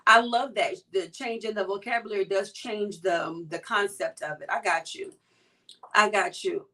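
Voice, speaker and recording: A woman's voice: medium pitch, normal speed, distant mic. A woman co-hosting a casual chat show, reading viewer comments and teasing her co-host. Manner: lively, teasing, talks to the audience.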